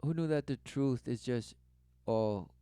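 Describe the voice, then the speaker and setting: A man giving religious commentary over clips, repeating rhetorical questions and swinging between loud bursts and low mutters. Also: unhurried, smooth, dry recording. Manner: repetitive rhetorical, keeps asking "who knew". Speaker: online commentator.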